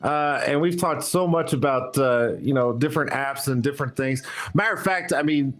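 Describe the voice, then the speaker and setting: A man's voice: medium pitch, normal speed. A man hosting a casual livestream, chatty and easygoing, talking while reading viewers' comments. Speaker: host.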